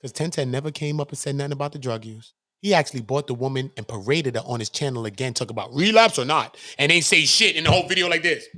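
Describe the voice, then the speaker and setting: A man fires through a combative, profanity-laced livestream rant on his own channel, peppering it with rhetorical questions. He talks fast in a bright, forceful mid-range voice, captured in studio quality without echo.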